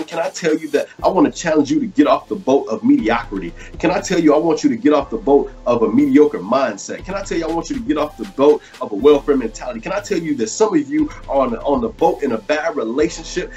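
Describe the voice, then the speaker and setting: A man's voice: on the high side, darkish tone. A man hosting a live online show who delivers a short sermon, speaking casually with fillers and building into preacherly rhetorical questions. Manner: preacherly, repetitive rhetorical questions, rising intensity; casual, many fillers and restarts. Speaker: host.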